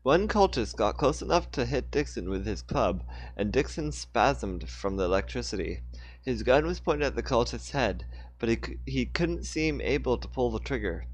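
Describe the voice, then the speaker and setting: A man's voice: medium pitch, lively intonation, moderate pace, dry recording. Casual man reading his own story aloud. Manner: casual asides, self-corrections. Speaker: author reading his book. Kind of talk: live-streamed book reading.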